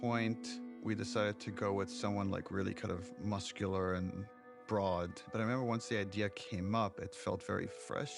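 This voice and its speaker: A man with a low, gravelly voice slowly recalls how a character changed over time. He is a game developer in an interview, with music behind him. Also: fairly even intonation. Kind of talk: reflective interview.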